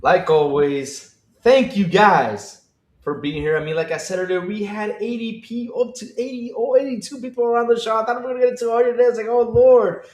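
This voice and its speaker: A man co-hosting a casual gaming livestream podcast, talking to the chat, excitable and given to repeating his phrases. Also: sits high, a little fast, roomy sound. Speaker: podcast co-host.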